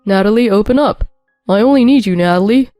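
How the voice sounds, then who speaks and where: A woman's voice: on the low side, brisk, warm tone, dry recording, studio quality, soft background music, natural voice. A woman voicing a cheating husband who begs and insists, in a narrated story. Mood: pleading. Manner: begging, insistent. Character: pleading cheating husband, adult man.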